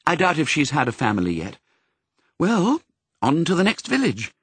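A man voicing a calm, kindly mother Dalmatian in a storybook, speaking brightly and reassuringly. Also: a little high, normal speed, slightly rough, no echo, pitched above the performer's own voice, full character voice.

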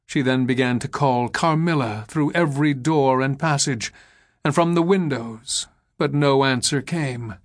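A man narrates an old story in a measured, expressive manner. His voice sits at an ordinary middle pitch, steady and clear for a listener following a book. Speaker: audiobook narrator. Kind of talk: scripted narration.

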